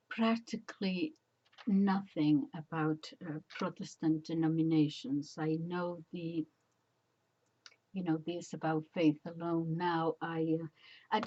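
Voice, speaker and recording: Older woman, slow reflective commentary, soft dark tone, dull lo-fi sound. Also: sits low, slightly rough. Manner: hesitant, many ums, slow and reflective. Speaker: catholic commentator. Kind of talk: casual religious commentary.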